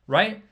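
A man preaching a casual sermon, talking conversationally and checking in with the listeners by asking "right?" again and again. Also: extremely high pitch. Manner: conversational, keeps asking "right?", drops quieter for asides.

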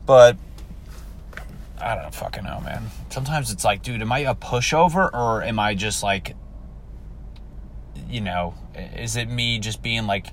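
A young man with a lowish voice rants while he drives. He tells the story in a loose, profane, animated way. Faint car noise runs under the recording. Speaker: vlogger. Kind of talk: casual rant.

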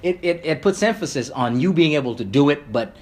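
A man's voice: a little high, a little fast. A man who grew up speaking Creole, a podcast guest in casual conversation who rambles, swears and restarts a lot. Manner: rambling, animated, swears, many fillers and restarts.

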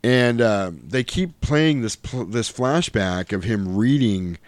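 A podcast host casually recaps a film, animated and swearing, acting out the characters' lines in high, silly voices. He speaks slowly, and there's no echo in the recording.

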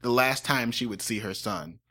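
A man's voice: mid-range voice, animated, moderate pace, vocal fry, bright, forceful tone. A man co-hosting a true-crime podcast, chatting casually and joking between the facts. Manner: joking, slips into impressions. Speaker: podcast co-host.

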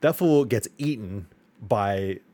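A man with a very low, deep voice talking on a podcast microphone. He rambles enthusiastically through a game discussion, restarting sentences and swearing casually. The tone stays loose and conversational. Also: expressive, slow pace, warm tone, dry recording. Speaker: podcast co-host.

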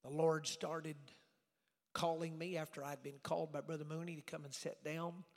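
A middle-aged man preaching a storytelling sermon in a folksy way, swinging from loud preaching to hushed asides. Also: a little high, level tone, normal speed. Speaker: evangelist preacher. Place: church sanctuary. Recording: reverberant church hall.

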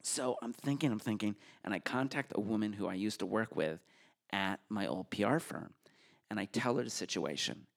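A man telling a true story on stage at a story slam, animated and self-mocking, acting out the dialogue. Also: lowish voice, normal speed, creaky. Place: stage at a public hall.

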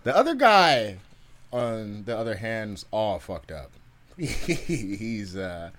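A man's voice: on the low side, sing-song, slow, a bit bright, slight background noise. A man telling a story in a casual podcast chat, laid-back, laughing often, with frequent fillers.

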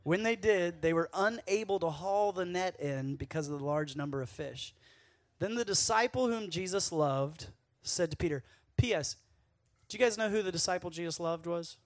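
A man with a high voice delivers a casual, conversational sermon at a youth camp. He's playful and quick to act out the lines he quotes, and the recording has no echo.

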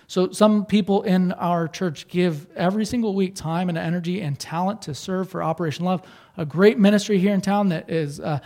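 A man's voice: high-pitched, a little mellow. A middle-aged man, a pastor, preaching a sermon in an earnest, conversational way, often repeating and restarting phrases.

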